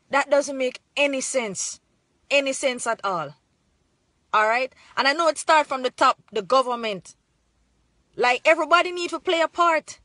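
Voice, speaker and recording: A young woman from Jamaica speaks with a Jamaican accent, earnest and a little preachy, her phrasing drifting into patois. Her voice sits high and sounds bright. The recording is dry and close, with almost no room sound. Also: dry recording. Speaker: vlogger. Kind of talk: impassioned talk to camera.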